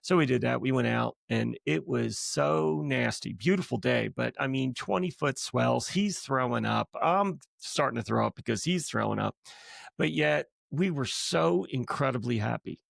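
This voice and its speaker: A middle-aged man with a deeply gravelly, fry-heavy voice tells a personal story in relaxed conversation. He talks casually on a podcast and throws himself into acting out what people said. The sound is dry and close. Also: normal speed, no echo. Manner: lively storyteller who acts out quotes. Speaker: guest, the host's husband.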